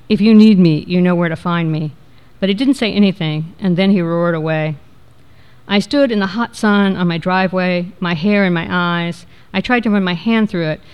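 A woman reading a first-person memoir aloud in a measured, reflective way. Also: fairly low pitch, clean tone. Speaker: narrator.

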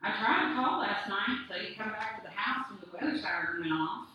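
A narrator playing a blunt, teasing working man in a storybook, casual and gruff. The bright voice sits in an echoey room with faint noise. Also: medium pitch, expressive, a little fast, distant mic.

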